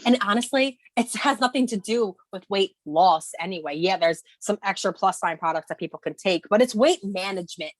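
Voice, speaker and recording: A woman's voice: medium pitch, expressive, fairly quick, few pauses, dry recording. A woman in her thirties co-hosting a morning video call, speaking candidly and emotionally with emphatic bursts and restarts. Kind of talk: casual motivational chat.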